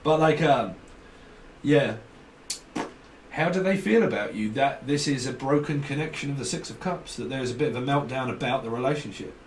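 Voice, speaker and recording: A man's voice: mid-range voice, recorded from a distance. Man, rambling comic tarot reader, recorded in a roomy space with faint hiss. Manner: jokey, rambling, breaks into song and silly voices.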